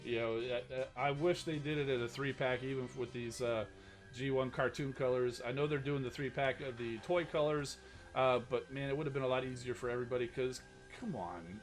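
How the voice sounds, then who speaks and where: A man's voice: medium pitch, fairly quick, faint music behind. A man hosting a live stream, chatting casually about toy news and reading out chat questions, rambling with many restarts. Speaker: stream host.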